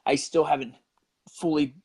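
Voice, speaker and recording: A man's voice: on the high side, fairly even intonation, normal speed, gravelly, a little mellow, breathy edge, dry recording, rough recording. A middle-aged man talking casually as a guest, laid-back and profane, leaning on "you know" and "right" and acting out quotes. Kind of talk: casual interview chat.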